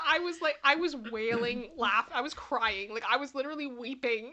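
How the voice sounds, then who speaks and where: A woman's voice: sits high, fast, hardly any pauses, pushed and bright. A woman hosting a casual pop culture chat stream, reading viewer comments aloud, laughing often and singing bits of songs. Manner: giggly, breaks into frequent laughter and sung snippets.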